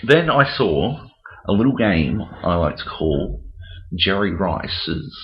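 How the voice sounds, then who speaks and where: A deep-voiced Australian man chatting casually as a podcast co-host, blunt and quick to swear. The recording is dull and lo-fi, with muffled highs. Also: big pitch swings. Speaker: podcast co-host, games reporter. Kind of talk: casual chat.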